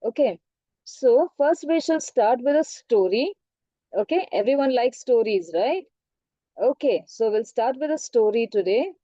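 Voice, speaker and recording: Indian english lady teacher, online class, asks lots of questions, dark soft tone, dry dull audio. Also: fairly high pitch, lively intonation, a little slow, no echo.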